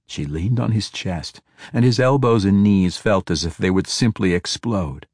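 A man narrating a fantasy audiobook in a measured, steady storytelling voice. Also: low voice, breathy edge, no room sound, clean studio sound.

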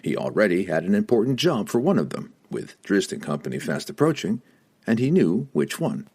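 A man narrating a fantasy audiobook in a dramatic, expressive reading. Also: on the low side, normal speed, gravelly, breathy edge.

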